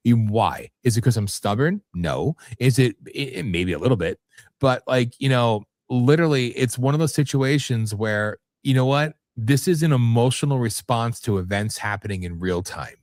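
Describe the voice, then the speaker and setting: A man's voice: mid-range voice, expressive, normal speed, a little mellow, no echo. A man hosting a live talk radio show, ranting bluntly with plenty of profanity. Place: radio studio.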